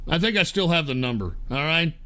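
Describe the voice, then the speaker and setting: A man's voice: fairly high pitch, animated, brisk, sharp tone. A man hosting a livestream, ranting angrily and cursing constantly, stammering through restarts. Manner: profane, angry ranting. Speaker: livestream host.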